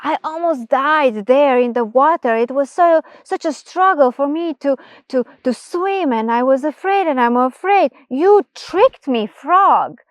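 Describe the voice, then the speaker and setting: A woman voicing a small, anxious young male mouse who talks in excited, stammering bursts. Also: a little slow, dry recording. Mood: upset. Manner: excited, stammering, high-pitched.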